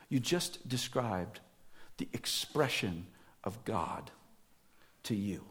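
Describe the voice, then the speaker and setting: A man preaching a sermon at an unhurried pace, his voice sitting somewhat low. He moves between earnest emphasis and hushed, near-whispered passages, as a pastor speaking to his congregation. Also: lively intonation.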